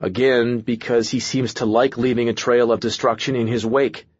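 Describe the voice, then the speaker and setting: A man's voice: mid-range voice, level tone, moderate pace, husky, no room sound, lo-fi sound, lightly acted. A man voicing an anxious young man in an audiobook, nervous and rambling as he talks.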